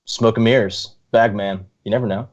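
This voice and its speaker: A man's voice: lowish voice, fairly even intonation, muffled recording. A man co-hosting a casual sports podcast, teasing his friends and giving opinionated takes. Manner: teasing, opinionated, quick to joke and laugh. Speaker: podcast co-host.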